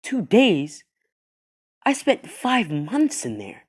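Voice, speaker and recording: A brash, excitable young ninja hero, as a man telling the story puts him on. He blurts his lines, sometimes loud and sometimes soft, in a voice of ordinary middle pitch. It is a casual storytelling read rather than a polished performance. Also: moderate pace, close to an everyday voice. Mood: plain.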